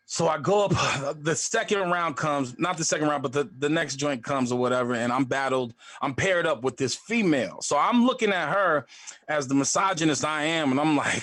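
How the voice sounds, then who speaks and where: A young adult man telling a comic story in a live storytelling show, animated and acting out other voices. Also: on the high side, normal speed, no room sound. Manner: animated, acts out voices in a loud hype.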